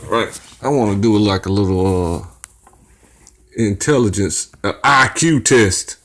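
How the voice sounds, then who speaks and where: A man's voice: fairly low pitch, measured pace, noisy background. A man hosting his own channel, teaching viewers in a casual livestream and peppering them with rhetorical questions. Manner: teasing, talks straight to chat viewers. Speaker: channel host.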